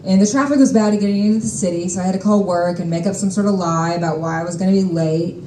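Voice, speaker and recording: A young woman tells a personal story on a stage mic with wry, profane exasperation. Her voice sits low and mellow. The room carries an echo with a faint hum of ambience behind it. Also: fast talker. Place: stage at a live storytelling show.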